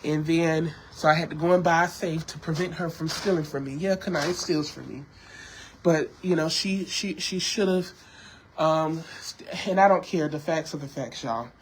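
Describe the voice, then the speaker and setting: A man's voice: fairly high pitch, moderate pace, a little hiss or hum, poor audio. A sick man, venting to his viewers on a livestream from home and coughing. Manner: emotional, repetitive, addresses viewers as y'all. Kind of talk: casual livestream talk.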